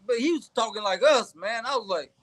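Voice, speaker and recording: A man's voice: very high-pitched, fairly quick. A man in his forties co-hosting a casual wrestling talk show, telling stories emphatically with slang and repetition. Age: 40s. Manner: animated storyteller, emphatic slang, repeats himself. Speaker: podcast co-host.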